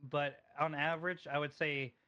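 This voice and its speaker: Hesitant, polite man with a bright voice. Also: on the high side, level tone, moderate pace, smooth, lo-fi sound. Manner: hesitant, polite, full of fillers. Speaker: job applicant in role-play. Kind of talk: casual gaming role-play chat.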